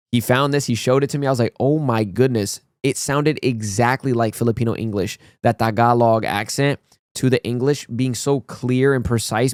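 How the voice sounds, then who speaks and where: A man's voice: mid-range voice, no echo. Male reaction host, mid voice, dry close sound, eager and rambling. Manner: enthusiastic, slangy, rambling. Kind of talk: casual reaction commentary.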